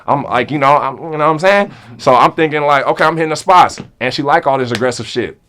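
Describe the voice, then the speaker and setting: A young man telling a comedic story to friends in a casual, animated way, acting out both sides of the conversation. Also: mid-range voice, fast.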